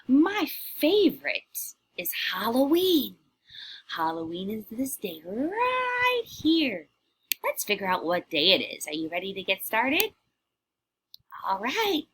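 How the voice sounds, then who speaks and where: A breathy, sing-song witch teacher, as a woman puts her on for a children's lesson, her voice sitting a little high and leaping up and down as she gasps and drops into whispered asides. She takes her time, drawing each word out for the little ones. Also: huge pitch swings, takes it slowly, fairly bright tone, a little hiss or hum, heavily acted. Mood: playful. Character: cheerful theatrical female witch teacher. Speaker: kindergarten teacher.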